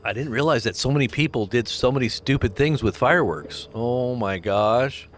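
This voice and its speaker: A man's voice: mid-range voice, expressive, moderate pace. A man hosting a casual livestream, rambling between scripture and videos and reading out viewer names with chuckles. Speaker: livestream host.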